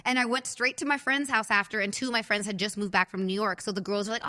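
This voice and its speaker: A bright, forceful woman in her thirties chats casually as a podcast host and acts out the people in her stories with animated bursts. Her voice rings in a space with a long reverb tail. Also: medium pitch, fast talker. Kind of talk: casual storytelling chat.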